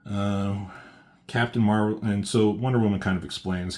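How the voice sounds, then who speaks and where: A man giving a casual, excited comic book review, swearing freely as he walks through the pages. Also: on the low side, normal speed. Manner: excited, loose, swears often.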